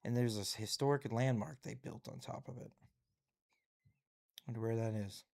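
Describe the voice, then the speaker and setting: A man's voice: mid-range voice, moderate pace, gravelly, darkish tone. A man hosting a live stream, casually chatting and reading headlines aloud with musing asides.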